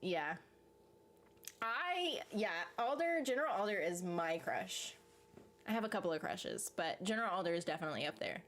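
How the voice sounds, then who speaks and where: A woman's voice: on the low side, big pitch swings, moderate pace, fairly bright tone. A woman talks loosely on a live stream, reading out viewer comments and reacting in a rambling, conversational way. She laughs often and drifts between thoughts. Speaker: YouTube streamer reading chat. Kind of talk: casual live-stream chat about a TV series.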